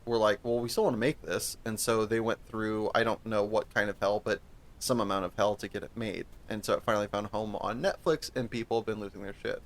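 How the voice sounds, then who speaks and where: A man's voice: fairly low pitch, little pitch movement, fast. A man co-hosting a podcast, talking casually about a movie, rambling with restarts and plenty of swearing. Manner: rambling, profane, restarts often. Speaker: podcast co-host. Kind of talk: casual chat.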